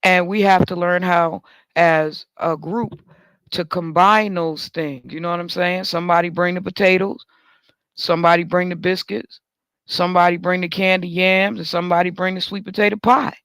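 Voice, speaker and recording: A man, talk show host telling a story in a casual, animated monologue. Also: moderate pace, smooth, dry recording. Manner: animated, swings up high when joking about himself.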